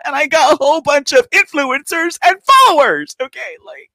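A man's voice: very high-pitched, animated, normal speed, pushed and bright, dry recording, studio quality. A man in his forties hosting a live political commentary show, talking off the cuff in a sarcastic way, firing rhetorical questions with laughing asides. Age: 40s.

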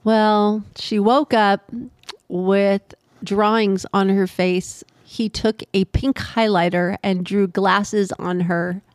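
A woman's voice: medium pitch, flat delivery, takes it slowly, darkish tone, clear, resonant tone, no echo. An older woman co-hosting a casual chat, telling family stories and laughing often. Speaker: podcast co-host.

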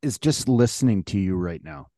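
Low-voiced man speaking haltingly. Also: animated, warm tone, no echo, clean studio sound. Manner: halting, repeats words, self-correcting. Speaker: podcast co-host. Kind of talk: casual chat.

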